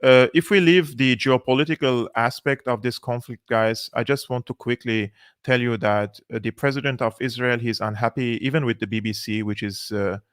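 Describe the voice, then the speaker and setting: A man's voice: medium pitch, fairly even intonation, moderate pace, few pauses, fairly bright tone, smooth, dry recording, clean studio sound. A man hosting a political commentary channel, talking casually and sarcastically with many fillers. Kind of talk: casual commentary on played clips.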